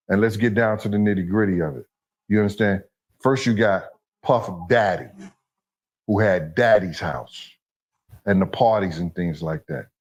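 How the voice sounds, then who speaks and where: A streetwise man holds the floor as an interview guest. His talk comes in long, rambling stories, and he keeps checking in with his listener as he goes. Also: on the low side. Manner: streetwise, repeats "you understand?". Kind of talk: storytelling in an interview clip.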